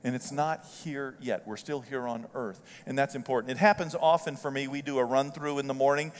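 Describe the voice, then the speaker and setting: An older man preaching a sermon as pastor, telling folksy stories with strong emotion that swells loud and high. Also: fairly even intonation, a little fast. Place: church sanctuary. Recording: church hall reverb.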